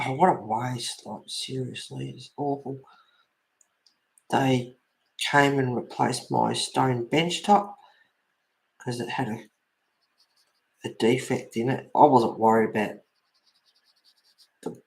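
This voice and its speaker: A man's voice: medium pitch, vocal fry, a bit bright, rough recording. A man chatting casually in rambling anecdotes as he colours and hosts his channel. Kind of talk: casual chat while colouring.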